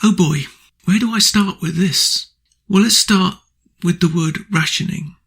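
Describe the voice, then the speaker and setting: Male radio host, ranting and indignant, with a husky, gravelly edge and a fairly high voice. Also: unhurried, a bit bright. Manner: ranting, indignant, blunt insults. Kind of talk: angry political opinion monologue.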